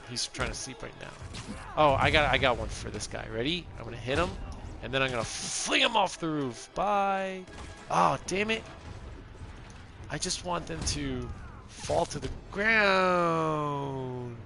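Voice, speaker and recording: A man's voice: medium pitch, a little slow, creaky, over music. A man in his thirties giving casual, rambling commentary while playing a video game, laughing often. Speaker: gameplay streamer.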